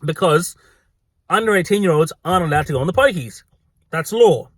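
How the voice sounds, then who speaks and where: An Australian man ranting through a workplace story, swearing a lot and gossiping. His voice sits fairly high and swings widely in pitch. The sound is dry, with no room echo. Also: a little fast. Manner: animated, profane, gossipy. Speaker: pub worker. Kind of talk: storytelling vlog.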